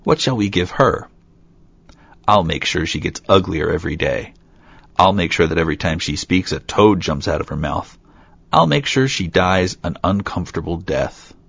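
A man's voice: sits low, animated, normal speed, vocal fry, fairly bright tone, slightly rough, exaggerated voice. A man voicing three little men of the woods in a storybook reading, chattering in turns with a sing-song lilt, in a dull, dry lo-fi recording. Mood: disapproving. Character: three small male woodland elves, quaint.

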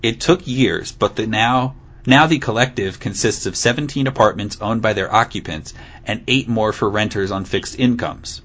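This podcast co-host has a lowish, slightly bright voice and reads at an ordinary speed. Sharing a news story on a laid-back show, he keeps cracking up, sounding giggly and amused as he stresses words playfully.

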